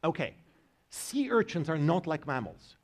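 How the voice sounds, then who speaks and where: A man's voice: fairly high pitch, sing-song, a little slow. A man giving a university biology lecture, joking with his students as he explains. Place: lecture hall.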